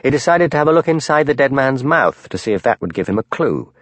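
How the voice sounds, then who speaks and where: A man narrating a mystery audiobook in a measured, expressive storytelling manner. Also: medium pitch, no echo.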